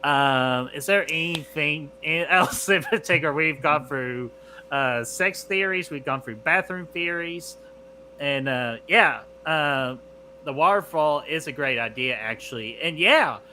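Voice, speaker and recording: A man's voice: on the high side, a little slow, bright, forceful tone, slight background noise. A man hosting a casual live-stream movie chat, crude and jokey, reading out viewer questions. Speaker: podcast host.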